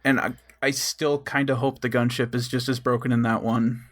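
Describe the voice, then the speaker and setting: Man co-host, casual podcast chat, mid pitch, slow listing with ums. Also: flat delivery.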